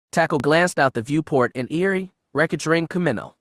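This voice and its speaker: A man's voice: a little high, lively intonation, normal speed, fairly bright tone, dry recording, clean studio sound. A man reading a science-fiction audiobook aloud, shading his voice a little for each character. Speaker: audiobook narrator. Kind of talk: scripted audiobook narration.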